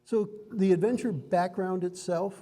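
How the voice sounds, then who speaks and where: A man with a high-pitched, mellow voice and fairly even intonation speaks at normal speed, his words trailing into a long reverb. As dungeon master in a card and game store, he explains the rules to new players in a friendly, instructive way and laughs often.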